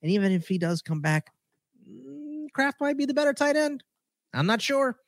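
Man, podcast co-host, teasing, lively swooping pitch, dry studio sound. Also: moderate pace, no room sound. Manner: teasing, punny headline delivery. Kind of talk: casual sports podcast banter.

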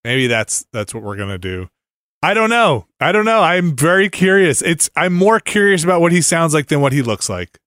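A man co-hosting a casual podcast, talking with a lively voice that rises and falls a lot. He laughs easily and lets some sentences fade into mumbles. The sound is close and dry, with no room around it. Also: a little high, moderate pace, dry recording. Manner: animated, laughs often, trails off into mumbles. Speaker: podcast host. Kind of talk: casual chat.

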